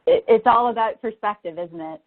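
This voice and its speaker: A woman's voice: on the high side, fairly quick. Woman moderator on a tinny line. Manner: conversational, repeats words when starting a sentence. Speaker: webinar moderator. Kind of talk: moderating a webinar. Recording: tinny phone-like call audio.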